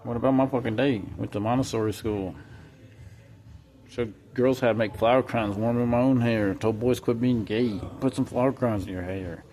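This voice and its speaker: A man's voice: mid-range voice, fairly even intonation, moderate pace, warm tone, a little hiss or hum. A man talking to camera in a rambling, profane monologue that jumps from topic to topic.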